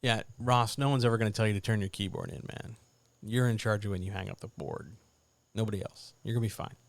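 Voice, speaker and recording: A man hosting a live writers' Q&A stream, giving blunt, animated advice in a casual, jokey way. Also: on the low side, fast talker, vocal fry, no room sound.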